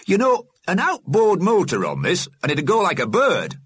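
A man's voice: high voice, wildly swooping pitch, normal speed, a bit bright, husky, dry recording, studio quality, voice pushed up, full character voice. A man doing a blunt old socialist ghost. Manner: blunt, argumentative. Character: gruff working-class male ghost agitator.

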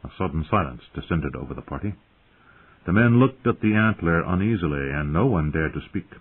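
A man's voice: deep voice, lively intonation, fairly quick, husky. A man narrating a story expressively as an audiobook reader. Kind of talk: scripted narration. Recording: tinny phone-like sound.

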